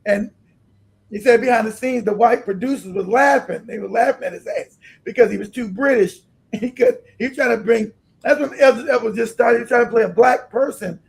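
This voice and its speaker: Streamer host, man, high pitched and gravelly, profane laughing rant. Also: a little fast, poor audio. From California. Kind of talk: casual livestream rant.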